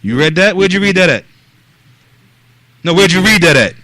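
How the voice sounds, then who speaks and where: A man teaching a mosque lesson, mixing Arabic phrases into his English, pausing on fillers like yani, and directly questioning the people listening. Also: high voice, lively intonation, sharp tone, no echo. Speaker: religious teacher.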